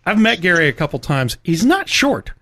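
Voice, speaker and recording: A man's voice: fairly high pitch, big pitch swings, normal speed, a bit bright, dry recording. A man hosting a casual interview, asking the guest friendly, open questions. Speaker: host.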